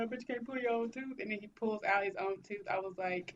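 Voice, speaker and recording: A woman co-hosting a podcast in casual chat, talking in an animated, teasing, slangy way. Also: mid-range voice, a little fast, hardly any pauses, lo-fi sound, slight background noise. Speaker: podcast co-host.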